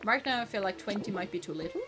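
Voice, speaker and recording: A woman's voice: medium pitch, expressive, quick pace, over music. A woman streaming a video game, giving casual, playful commentary, often giggling and reading game text aloud. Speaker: VTuber streamer.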